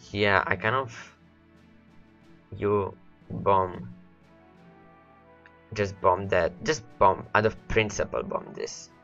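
A let's play host rambles through gameplay commentary in a lowish, gravelly voice with a fairly bright tone, though the highs are cut off. Hours of talking have left his voice worn and cracking, and he repeats words as he addresses his units.

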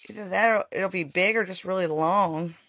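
A woman with a lowish, slightly bright voice talks at normal speed. She breeds chinchillas and livestreams casually from a home with stairs, speaking directly to viewers through a handheld phone.

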